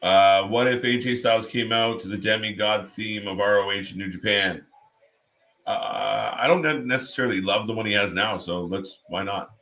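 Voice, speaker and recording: Bright-voiced Canadian man chatting. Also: on the low side, steady tone, normal speed. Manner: rambling, reads chat comments aloud. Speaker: watch party co-host. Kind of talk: casual live-stream chat.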